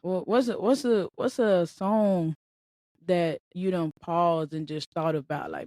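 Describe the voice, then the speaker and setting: A woman hosting a podcast in a casual, slangy monologue, talking in an animated way and laughing often. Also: fairly low pitch, a little slow, no room sound. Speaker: podcast host.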